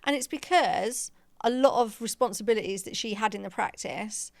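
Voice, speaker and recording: A woman's voice: on the high side, moderate pace, gravelly, no echo. A woman podcast co-host and practice manager, telling a story in casual chat and acting out the quoted dialogue with laughter.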